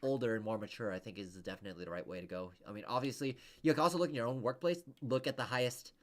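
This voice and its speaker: A man's voice: medium pitch, very fast, fairly bright tone. A man coaching over a video call, rambling casually with many restarts and fillers. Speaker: interview coach.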